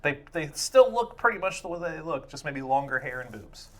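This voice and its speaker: Blunt crude podcast host. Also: male voice, on the high side, very animated, moderate pace, pushed and bright. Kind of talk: casual podcast banter.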